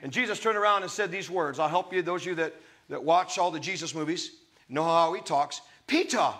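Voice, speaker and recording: A man's voice: on the high side, a little fast, a bit bright. A man preaching a sermon, reading scripture aloud and breaking off into emphatic, conversational asides to his listeners.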